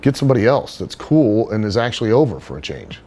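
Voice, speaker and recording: Man, middle-aged, low-pitched, blunt, profane, animated storyteller. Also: fast talker, slightly rough. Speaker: podcast guest, wrestler. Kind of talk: casual chat, storytelling.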